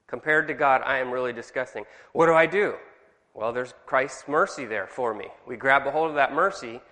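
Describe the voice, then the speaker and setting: A man's voice: medium pitch, brisk, pushed and bright, big-room sound. A man with a Californian accent leading a church Bible study group, chatty and firing questions at the group.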